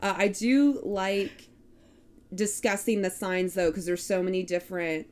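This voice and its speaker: A woman with a Texan accent, co-hosting a casual chat and reading through lists of traits in a steady cadence. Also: mid-range voice, measured pace, clean tone. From Texas. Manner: reads list of traits in a steady cadence, laughs at herself. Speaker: podcast co-host.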